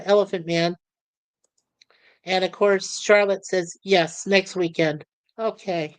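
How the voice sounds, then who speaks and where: A man's voice: sits high, clear, resonant tone, no echo. Chatty man hosting a live stream. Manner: rambling, chatty, laughs easily. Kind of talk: casual chat reading out viewer comments.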